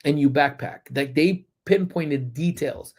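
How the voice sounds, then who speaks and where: A man's voice: on the high side, a little slow. A man hosting a casual live-stream chat from a parked car, telling stories with lots of ums and turning blunt and profane when he is annoyed. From Southern California. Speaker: livestream host.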